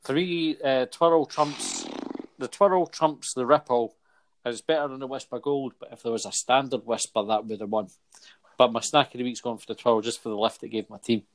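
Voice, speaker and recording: A man's voice: medium pitch, animated, moderate pace. Jokey Scottish man hosting a podcast. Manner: jokey, chatty, laughs often. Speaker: podcast host. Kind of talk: casual football chat.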